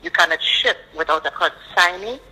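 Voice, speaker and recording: Trinidadian woman caller, very bright tone, firm and indignant, phone line. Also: fairly low pitch, moderate pace, slightly rough. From Trinidad and Tobago. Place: at work.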